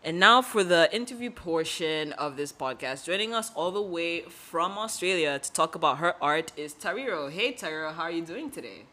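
A woman's voice: fairly low pitch, animated, normal speed, hardly any pauses, sharp tone. Chatty young woman hosting a podcast. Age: young adult. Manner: chatty, upbeat, heavy use of "like" and "you know". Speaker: podcast host. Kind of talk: casual podcast chat. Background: background music.

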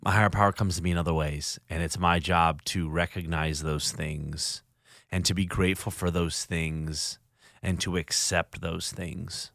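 A man's voice: low voice, fairly even intonation, fairly bright tone, no echo. A man hosting a solo podcast in a studio, speaking earnestly and reflectively, often stopping to restart his sentences. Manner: earnest, halting with frequent restarts. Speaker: podcast host. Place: recording studio.

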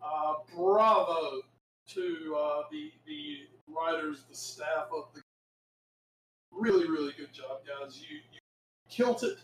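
A man co-hosting a podcast in casual chat, excitable and animated, breaking into shouted asides. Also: on the high side, unhurried, echoey room, a little hiss or hum, low-quality recording. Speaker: podcast co-host.

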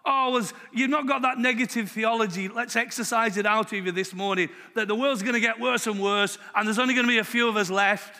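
A British preacher man delivering a sermon with a high, bright voice. He talks emphatically, dropping low and quiet, then rising loud. His voice rings out with a long reverb, as if in a large hall. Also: fairly even intonation, brisk, few pauses.

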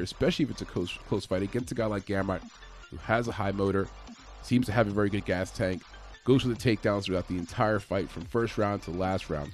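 A man's voice: on the low side, darkish tone. A man giving a casual, conversational breakdown of an upcoming fight, with frequent fillers and restarts. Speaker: MMA fight analyst.

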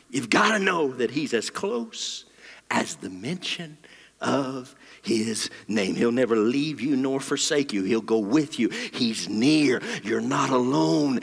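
A man preaching a sermon into a handheld mic, swinging between loud, dramatic lines and near whispers. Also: medium pitch, animated, measured pace, vocal fry, breathy edge. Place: church sanctuary. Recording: long hall reverb.

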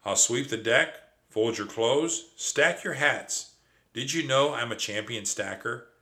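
Storybook: a man playing a squeaky, gushing young mouse, excitable, bright. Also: slow. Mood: eager. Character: cheerful eager young male mouse nephew.

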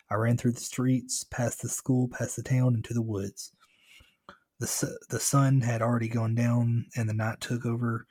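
A man reading a first-person horror story aloud in a steady, earnest way, with joking asides. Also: lowish voice, slightly rough, dry recording. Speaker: storyteller and co-host.

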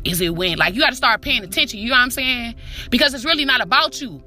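A woman's voice: on the high side, animated, fast, pushed and bright, soft background music. A woman hosting a podcast, giving a profane, preachy motivational monologue straight to the listener, calling them her baby and repeating herself for emphasis. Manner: repetitive, emphatic street talk. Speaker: podcast host.

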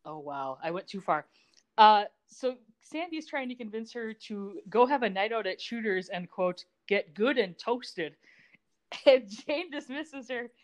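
Recapping a TV episode as a podcast co-host, a woman chats casually in a slightly high voice at a somewhat slow pace. Her delivery is animated, with sarcastic asides and frequent laughter.

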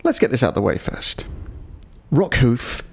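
A man's voice: medium pitch, huge pitch swings, fast talker, vocal fry, breathy edge. A man hosting a podcast, giving a digressive episode review with dry, wry asides. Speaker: podcast host.

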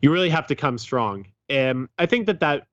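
A man talking sports in a rambling, halting way, full of fillers. His voice comes through muffled and lo-fi, dry and close. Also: mid-range voice, lively intonation, a bit bright, no echo. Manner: rambling, hesitant with many fillers and restarts. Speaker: podcast co-host. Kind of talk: casual sports chat. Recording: dull lo-fi sound.

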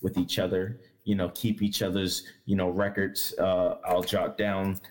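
A man's voice: low voice, level tone, a little slow, slight background noise. A man hosting a casual sports chat, rambling with fillers and restarts and laughing often. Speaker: podcast host.

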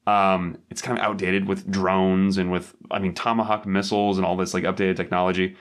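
A man's voice: low voice, flat delivery, brisk. A man co-hosting a podcast, chatting loosely about a movie and rambling with many filler words. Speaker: podcast co-host. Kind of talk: casual movie chat.

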